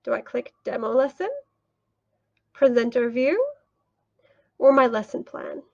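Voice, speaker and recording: A woman's voice: fairly high pitch, measured pace, darkish tone, highs cut off. A young woman teaching online, walking through a screen-share tutorial with a patient, teacherly manner. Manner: clear, patient, teacherly, asks and answers her own questions. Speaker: English teacher and teacher trainer.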